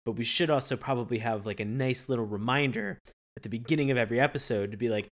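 A woman co-hosting a podcast in casual chat, animated and swearing freely, jumping into mocking quotes. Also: rumbling low, quick pace. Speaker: podcast co-host.

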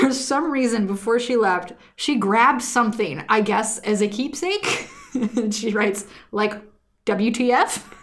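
Woman in her twenties, podcast co-host, laughs through casual storytelling. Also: a little high. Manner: giggly, animated storytelling with frequent laughs. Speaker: podcast co-host reading listener stories. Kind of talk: casual chat.

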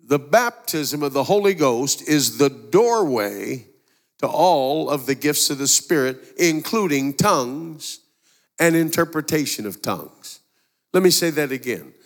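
A man's voice: fairly high pitch, lively intonation, unhurried. A male preacher giving a sermon in a folksy, conversational way, telling stories and voicing the people in them. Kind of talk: sermon with storytelling. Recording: long hall reverb.

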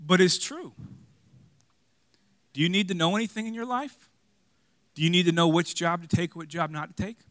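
A man preaching a sermon in a conversational, dynamic way, with loud emphatic peaks, hushed asides, jokes and rhetorical questions. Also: high voice, normal speed, long pauses, no room sound, clean studio sound. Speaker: pastor.

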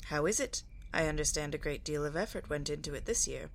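A woman's voice: low-pitched, fairly quick, slight background noise. A woman doing a droll, weary starship captain. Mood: dry. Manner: dry and drolly formal. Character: dignified weary older male starship captain.

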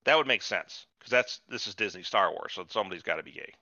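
With a lowish voice, lively intonation and a sharp tone, a man hosting a podcast rants quickly and profanely about a show in casual chat. There's no echo in the dull, lo-fi recording.

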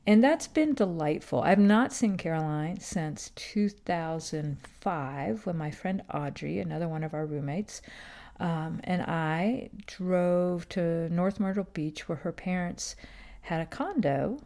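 Rambling low-voiced woman in her fifties. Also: takes it slowly, dark tone. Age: 50s. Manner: meandering, many fillers and restarts. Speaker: podcast host. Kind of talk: casual rambling monologue.

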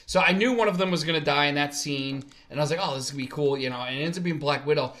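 Podcast co-host, man, fairly high voice, excitable and blunt, loud outbursts. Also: quick pace. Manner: excitable, laughs at deaths, loud bursts. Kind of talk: casual movie review chat.

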